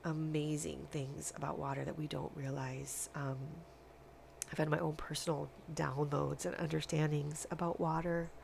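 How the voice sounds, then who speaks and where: A woman giving a spiritual tarot reading, speaking in a dreamy, halting way with long pauses. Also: sits low, level tone, gravelly, darkish tone, a little hiss or hum. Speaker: tarot reader.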